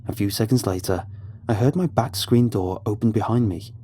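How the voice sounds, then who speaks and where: A man narrating a horror story in a measured, suspenseful way. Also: on the low side, mellow, a little hiss or hum. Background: faint music.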